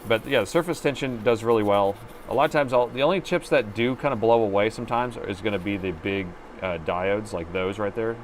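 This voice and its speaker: A man's voice: fairly low pitch, brisk, a little hiss or hum. A middle-aged man hosting a live laptop repair stream, joking with chat while he talks through soldering and testing. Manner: joking with chat, narrating his repair steps. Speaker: laptop repair livestream host.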